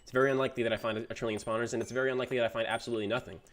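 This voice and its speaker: A young man on a gaming livestream, his voice sitting in an everyday middle pitch. He reads viewers' messages out loud and answers them with easygoing slang, calling people "bro" often. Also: fairly even intonation, rapid-fire. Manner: laid-back, reads chat messages aloud and answers them. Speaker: gaming streamer. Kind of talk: casual livestream chat.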